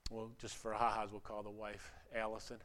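A male pastor preaching a sermon in a halting, repetitive way, with a story woven in. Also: fairly low pitch, monotone, fairly bright tone.

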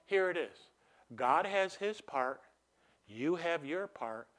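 A middle-aged man preaching a sermon as a pastor. He asks the congregation questions and lets them answer, and he swings between loud emphatic bursts and quiet asides. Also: on the high side, lively intonation, takes it slowly. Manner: call-and-response questions to the congregation.

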